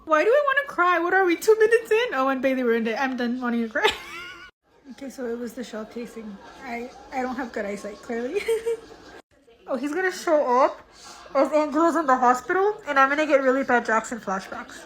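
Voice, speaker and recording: Woman, high voice, casual reaction commentary, chatty, swears, emotional. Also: fairly quick, a bit bright. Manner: chatty, emotional, swears often, laughs a lot. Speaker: reaction video host.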